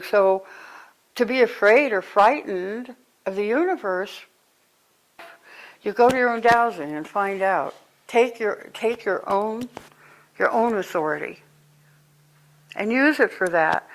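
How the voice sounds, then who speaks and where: A woman of medium pitch leads a spiritual talk before a live group. She speaks in a loose, conversational way. She tells stories and bursts into lively exclamations. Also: measured pace, pauses often, poor audio. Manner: animated, conversational, storytelling with sudden exclamations. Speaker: spiritual teacher.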